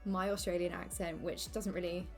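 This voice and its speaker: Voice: mid-range voice, flat delivery, faint music behind. Chatty drag queen doing a tutorial. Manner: chatty, self-mocking, quick asides. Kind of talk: casual makeup tutorial chat. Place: indoors at a makeup station under lights.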